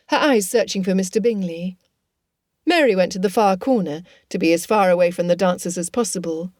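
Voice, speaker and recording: Female audiobook narrator, measured and expressive, dry recording. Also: on the low side, no echo.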